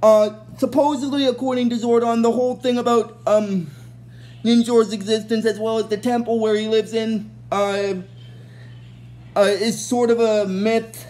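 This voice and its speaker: A woman with a fairly high voice recapping a TV episode off the cuff. She rambles, backtracks and fills pauses as she goes. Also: steady tone, warm tone. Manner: rambling, many fillers and restarts. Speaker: show recap host.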